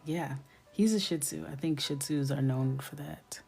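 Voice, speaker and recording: Young woman, lowish voice, relaxed livestream chatter with frequent whispers; faint music under. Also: a little slow, creaky. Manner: chatty storytelling, often drops to a whisper, laughs a lot. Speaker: coloring livestream host. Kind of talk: casual chat while coloring.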